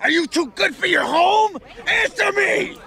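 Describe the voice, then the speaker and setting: An actor playing a hot-headed man who yells furiously at a ball, in a film clip. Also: extremely high pitch, a little slow, vocal fry, heavily acted. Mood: raging. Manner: yelling, furious, taunting.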